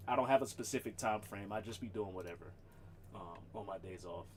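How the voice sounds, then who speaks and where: A man's voice: fairly low pitch, brisk. A man streaming casually at home, rambling loosely about his cooking plans, swearing freely and laughing often. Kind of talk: casual chat.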